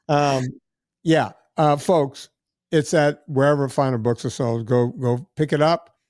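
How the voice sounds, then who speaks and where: A man's voice: mid-range voice, fairly even intonation, a little slow, darkish tone, no room sound, clean studio sound. Chatty male podcast host. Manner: chatty, rambling plugs. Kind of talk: casual podcast wrap-up.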